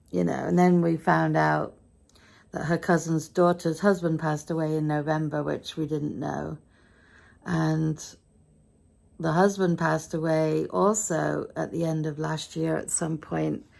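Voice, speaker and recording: A woman's voice: sits low, creaky, a little mellow. A tired British woman chatting casually through a day-in-the-life vlog at home, rambling and self-deprecating. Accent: British English. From Britain. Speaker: vlogger.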